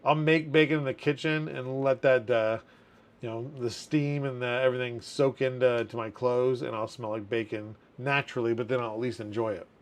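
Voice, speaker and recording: A man's voice: medium pitch, steady tone, moderate pace. Guy hosting a stream, mid voice, chatty, laughs a lot reading comments out. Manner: chatty, reads viewer comments aloud and laughs often. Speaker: community manager hosting a livestream. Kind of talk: casual livestream chat.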